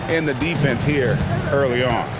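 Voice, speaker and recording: A man's voice: medium pitch, normal speed. A man doing color commentary for a basketball video game, analysing plays and strategy. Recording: game commentary over loud arena crowd and music. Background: roaring arena crowd and music.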